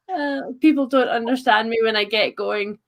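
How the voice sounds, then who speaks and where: A chatty woman with a Suffolk accent, hosting a relaxed livestream conversation with friends. Her voice sits a little high, and she laughs easily while she talks. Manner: chatty, laughs often, uses "like" a lot. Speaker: livestream host. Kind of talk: casual chat.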